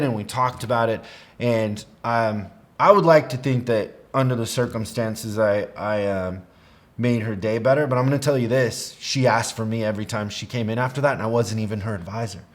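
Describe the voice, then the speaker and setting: A man's voice: mid-range voice, moderate pace. A middle-aged man giving a motivational training talk to service advisors, telling a personal story earnestly with small restarts.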